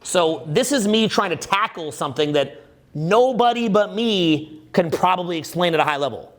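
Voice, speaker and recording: High-pitched, animated, profane male speaker. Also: moderate pace. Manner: animated, profane, conversational, frequent "right?". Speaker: dating coach. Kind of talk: live seminar talk. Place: on stage at a live event.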